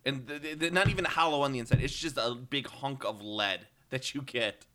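A man's voice: mid-range voice, fairly quick, bright, forceful tone. A man co-hosting a casual podcast chat, rambling with ums and self-corrections and cracking wry jokes. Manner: wry, joking. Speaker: podcast co-host.

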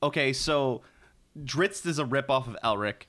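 A man's voice: mid-range voice, measured pace, bright, forceful tone. A young man in casual chat, rambling with fillers and joking.

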